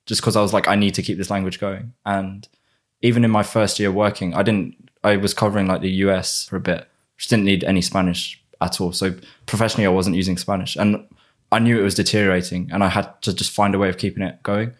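A man's voice: low voice, level tone, quick pace. A young British man with a British accent, chatting casually and reflectively. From Britain. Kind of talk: casual chat.

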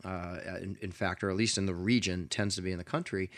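A middle-aged man hosting an interview and telling a story in an earnest, animated way, with frequent restarts. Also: low voice, a little fast, no room sound, clean studio sound. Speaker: podcast host.

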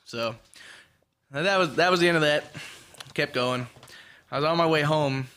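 A man's voice: a little high, normal speed, smooth. A young man telling casual, profane road stories with laughter as a podcast co-host. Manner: profane, animated storytelling with laughs. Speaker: podcast co-host, truck driver. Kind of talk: casual chat.

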